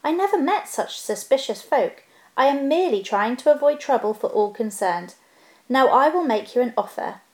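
A woman voicing a small, earnest male hobbit who talks with prim, businesslike courtesy and a slight squeak. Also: lively intonation, moderate pace. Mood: polite, earnest. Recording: roomy echo.

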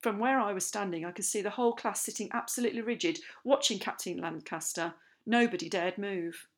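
A woman narrating a children's novel aloud in the first person, lively and expressive. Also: medium pitch, a little fast. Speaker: audiobook narrator. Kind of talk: scripted storybook narration.

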